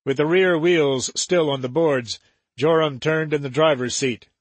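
A man narrating an adventure novel in a measured, steady way. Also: a little high, slightly rough, no echo. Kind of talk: audiobook narration.

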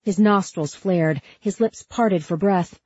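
A woman reading an audiobook aloud in measured, tense scripted narration. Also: medium pitch, darkish tone, husky, dry recording, muffled recording.

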